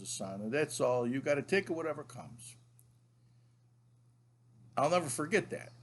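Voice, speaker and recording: An older man in a folksy, relaxed storytelling mode, speaking to the camera at a middle pitch. He lingers warmly over the details of a childhood memory as an author. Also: slight background noise.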